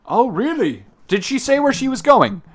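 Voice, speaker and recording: An actor and podcast co-host performs improvised comedy role-play, playful and prone to dramatic overreactions. The voice is medium-pitched and very animated, at a moderate pace.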